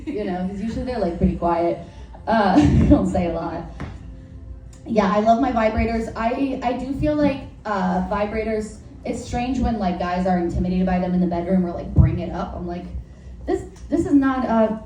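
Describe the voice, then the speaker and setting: A woman comic speaks in a mid-range voice at a moderate pace, with music playing in the background, as she works through an unfinished stand-up set at a live venue. Her delivery is rambling, frank, and crude, heavy on fillers, and she interrupts herself and laughs at her jokes. The live recording sounds distant and roomy, with faint noise.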